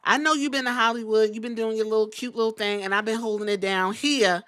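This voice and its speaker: A woman's voice: a little high, steady tone, fast, a bit bright, natural voice. A woman voicing a smug male wrestler who condescends to his partner.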